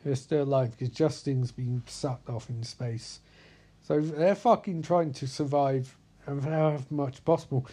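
A man's voice: medium pitch, a little slow, warm tone. A man giving a rambling, profanity-heavy comedic recap of a film, often losing track of character names.

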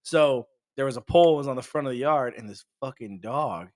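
A man's voice: mid-range voice, a little fast. A man co-hosting a podcast, telling a rowdy story in casual chat, swearing freely and acting out the voices of the people in it. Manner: animated storyteller, swears a lot, acts out voices. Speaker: podcast co-host.

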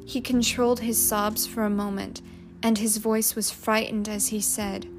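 A woman reading a story aloud in a measured, expressive way. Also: medium pitch. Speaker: narrator. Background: music.

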